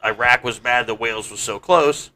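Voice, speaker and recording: A man's voice: mid-range voice, moderate pace, bright, forceful tone. A man co-hosting a comedy podcast in a studio, crude and rambling as he jokes around in casual chat. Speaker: podcast co-host.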